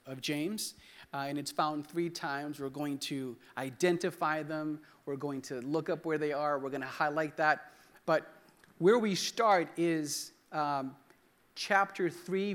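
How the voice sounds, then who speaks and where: A man's voice: a little high, fairly bright tone. A young man preaching a sermon in church, loose and joking, with restarts, calling on the congregation to repeat words. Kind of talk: sermon with congregation call-and-response. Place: church hall.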